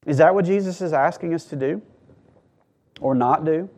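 A man pastor preaching a sermon to a congregation, earnest and teaching, with emphatic rises and quiet drops. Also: fairly high pitch, normal speed.

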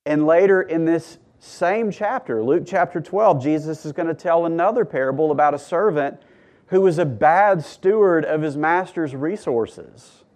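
A man's voice: fairly high pitch, lively intonation, normal speed. Man preaching, emphatic and earnest. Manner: earnest teaching with emphatic rises and hushed drops. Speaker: pastor. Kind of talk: sermon.

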